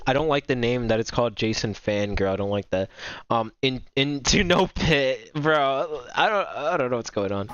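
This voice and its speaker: A young gaming streamer gives casual reaction commentary while chatting with viewers, rambling, repeating himself, stumbling over words, and apologizing often. His expressive, slightly bright voice has an ordinary middle pitch and moderate pace, heard through a dull, lo-fi home mic with slight background noise.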